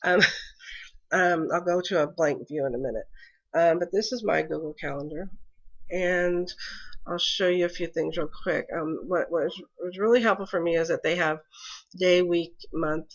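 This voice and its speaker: In this casual screen-recorded tutorial, a congested mom with a fairly low voice explains how she sets up her calendar at normal speed and in a steady tone. Her delivery is hesitant, packed with ums and restarts, and the recording has its highs cut off.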